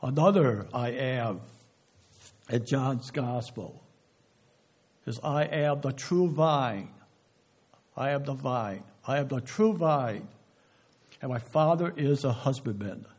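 A man preaching a sermon, slow and emphatic, often dropping to a hush on key words and asking the listeners questions. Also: mid-range voice, breathy edge. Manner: asks the audience rhetorical questions.

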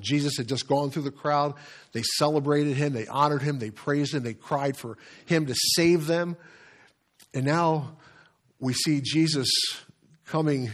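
A man preaching a sermon as a pastor, earnest and measured, pausing and correcting himself as he reads scripture aloud. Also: mid-range voice. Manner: earnest, with pauses and self-corrections while reading scripture.

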